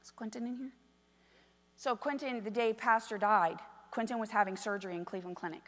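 A woman's voice: on the high side, fairly even intonation, fairly quick. Woman pastor preaching in a reverberant hall. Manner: preaching with swings from soft storytelling to loud emphatic calls. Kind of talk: sermon. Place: church sanctuary. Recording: long reverb of a large hall.

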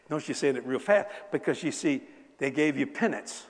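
A man in his seventies preaching a sermon to a congregation, telling humorous stories with lively asides to the people in front of him. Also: fairly high pitch, normal speed. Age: 70s. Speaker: pastor. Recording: long hall reverb.

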